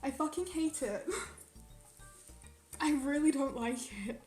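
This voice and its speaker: Young woman streamer, bright high voice, rambling and foul-mouthed, echoey room. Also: takes it slowly, faint music behind. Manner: rambling, swears a lot, ranting. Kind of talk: casual chat with live chat. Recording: roomy echo.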